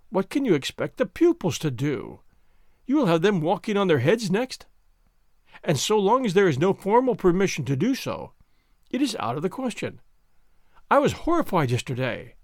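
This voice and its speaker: A man's voice: sits high, dry recording, clean studio sound, exaggerated voice. A man voicing a fussy, anxious middle-aged schoolmaster who talks in a prim, mournful way.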